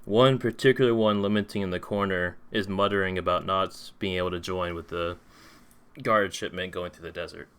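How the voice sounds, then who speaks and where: Deep-voiced man running a tabletop game. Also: normal speed, clean tone. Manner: relaxed, descriptive narration. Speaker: game master.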